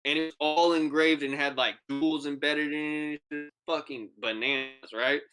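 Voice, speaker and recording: A young man with a bright, clear voice co-hosts a podcast and tells a sprawling story in loose, casual chat. He swears freely and acts out the people in the story as he goes. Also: on the high side, a little slow, soft background music. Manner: animated, profane, acts out quoted voices. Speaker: podcast co-host.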